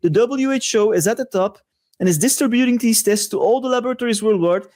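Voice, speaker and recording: A man's voice: high voice, quick pace, a little mellow. A man hosting a monologue-style commentary show, talking in a conspiratorial way with rhetorical asides. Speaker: host.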